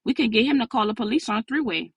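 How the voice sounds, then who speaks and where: A woman's voice: fairly high pitch, animated, fast talker, muffled recording, slight background noise, pitched above the performer's own voice. A woman voicing an urgent young woman friend who talks insistently in street slang.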